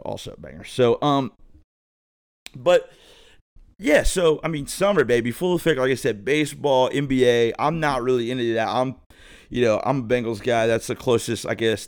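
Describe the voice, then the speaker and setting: A man's voice: medium pitch, smooth. A man in his thirties, a podcast host, telling a rambling, profane story in a laid-back way. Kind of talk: casual storytelling monologue.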